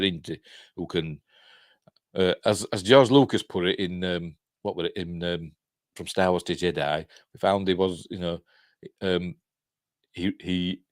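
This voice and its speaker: A man's voice: sits low, no echo, clean studio sound. A man with a Yorkshire accent hosting a casual live news round-up. He reads articles aloud and breaks off into chatty, rambling asides. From Yorkshire, England. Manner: reads articles aloud then comments on them. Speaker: host.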